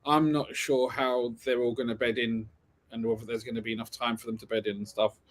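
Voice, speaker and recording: A man with a mid-range voice gives his football predictions in casual banter. He talks in a measured way and laughs along with the other hosts. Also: mid-range voice, little pitch movement. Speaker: football podcast panelist.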